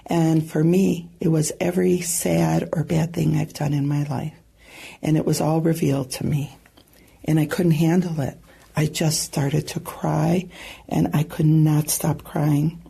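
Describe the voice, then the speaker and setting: A woman guest earnestly recounting a personal testimony, with halting pauses and soft asides. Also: low-pitched, level tone, gravelly, husky. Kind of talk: personal storytelling.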